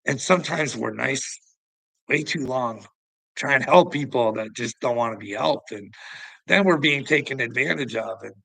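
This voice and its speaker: A man's voice: mid-range voice, normal speed, creaky, fairly bright tone, husky, no room sound, rough recording. A middle-aged man hosting a livestream, rambling in casual chat, laughing often and swearing as he talks to viewers. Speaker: livestream host.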